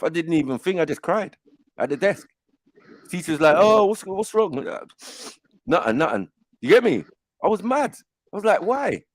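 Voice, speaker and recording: This middle-aged man, hosting a panel, has a fairly high voice and tells lively stories in a relaxed chat. Whenever he quotes someone, he performs their voice, and there's no echo in the recording.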